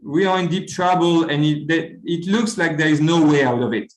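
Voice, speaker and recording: A man's voice: fairly high pitch, normal speed, roomy sound, poor audio. A man giving an academic seminar talk as lecturer, speaking earnestly and often repeating words as he searches for them. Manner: earnest, with frequent stuttered word repeats.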